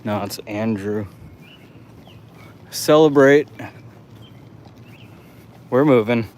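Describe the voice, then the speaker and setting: A man's voice: medium pitch, very slow, darkish tone. A man chatting loosely while he walks city streets at night on a live stream, rambling, laughing and swearing often. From United States. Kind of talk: casual walking livestream chat.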